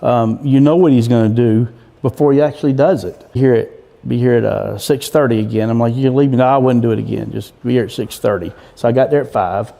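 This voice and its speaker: Gravelly guy, coon hunter guest, rambling folksy story, keeps restarting. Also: medium pitch, fairly quick, warm tone. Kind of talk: casual storytelling in interview.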